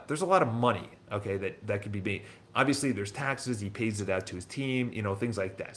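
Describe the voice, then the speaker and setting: A real estate broker and business owner telling his story in casual, rambling talk, blunt and quick to swear. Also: on the low side, a bit bright.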